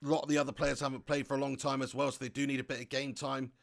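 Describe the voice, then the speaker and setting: A young man hosting a live football watch-along, reading viewer comments aloud and chatting excitably, laughing often and swearing casually. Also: medium pitch, rapid-fire, creaky.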